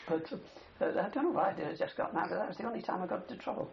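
An older man with a gravelly voice shares his wartime memories in a rambling, anecdotal way, often adding "you see". The recording sounds dull, with faint hiss behind him. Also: high-pitched, expressive, fast. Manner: rambling storyteller with many "you see" tags. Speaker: interviewee, war veteran. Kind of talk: oral history reminiscence.

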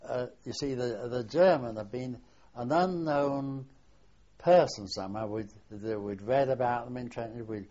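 An older man, a war veteran, reminiscing in an oral history interview, halting and often trailing off softly. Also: mid-range voice. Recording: dull lo-fi archival tape.

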